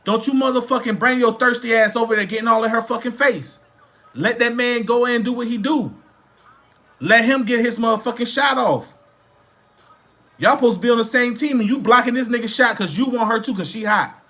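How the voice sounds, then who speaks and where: High, bright-voiced man lecturing bluntly. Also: fairly quick. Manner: repeats phrases for emphasis. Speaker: livestream host. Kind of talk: casual live-stream rant.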